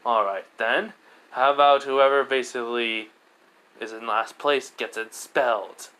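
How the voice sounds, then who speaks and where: A man voicing a dry, unbothered male teacher who talks slow and clipped. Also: mid-range voice, fairly even intonation, sharp tone, clear, resonant tone, poor audio.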